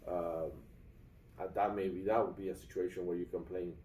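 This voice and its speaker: A man's voice: deep voice, level tone, moderate pace, warm tone, echoey room, far from the mic, slight background noise, low-quality recording. A young adult man vlogging casually about a bad hotel stay, rambling with many fillers and restarts and calling his viewers guys. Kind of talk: casual vlog complaint. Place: hotel room.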